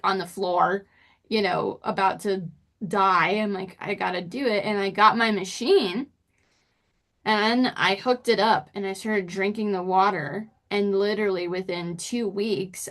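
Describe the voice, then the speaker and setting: A middle-aged woman, a podcast guest, telling her personal story in casual conversation with lively, expressive pitch jumps. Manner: expressive, pitch jumps when acting out quotes.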